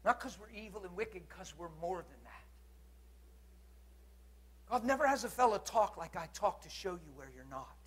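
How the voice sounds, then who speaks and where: A man preaching a sermon in a blunt, earnest and challenging way, moving between loud urging and quiet intensity. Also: sits high, animated, normal speed, long pauses, slightly rough.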